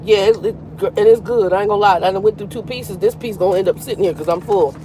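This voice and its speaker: A woman's voice: medium pitch, fast, warm tone, slight background noise, rough recording. A woman in her fifties, a truck driver chatting frankly on a casual live stream and greeting viewers by name. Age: 50s. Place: in a truck cab at a terminal.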